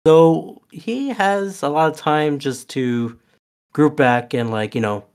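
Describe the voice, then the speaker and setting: A podcast co-host recaps a movie with his partner in a casual rewatch chat, rambling with lots of fillers and restarts. His voice is a little high and darkish in tone, he takes it slowly, and the sound is clean.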